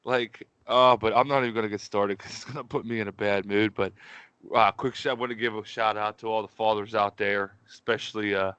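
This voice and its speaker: This Pittsburgh man's voice is fairly low, clear and resonant, with fairly even intonation, a slightly fast pace and a fairly bright tone. Co-hosting a podcast, he tells rambling, profanity-laced stories in casual chat and keeps saying "dude." The audio is dull, with no room sound.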